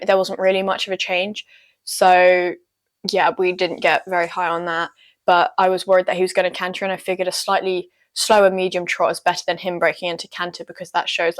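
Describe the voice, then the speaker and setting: Young woman rambling about her horse test, lots of ums and likes, laughs at herself. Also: lowish voice. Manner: chatty, self-deprecating, many ums and likes. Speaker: horse rider recounting a dressage test. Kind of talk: casual storytelling vlog.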